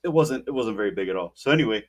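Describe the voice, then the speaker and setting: A man's voice: lowish voice, expressive, rapid-fire. A man co-hosting a podcast, telling a rambling story in casual chat with lots of "like" and restarts. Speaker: podcast co-host.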